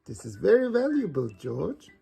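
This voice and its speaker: Fussy old grandpa pig, careful with his money, gravelly voice, read by a man. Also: sits high, wildly swooping pitch, moderate pace, warm tone, faint music behind, voice pushed up, full character voice.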